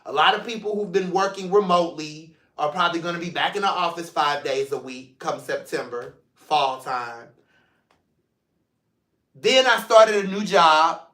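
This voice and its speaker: A man hosts his own vlog in a loose, playful, affectionate way, speaking straight to his viewers. His voice sits a bit high and sounds vivid and bright. The room around him is noticeably echoey. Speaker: mental health show host. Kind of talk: casual solo vlog talk. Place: seated in a room at home.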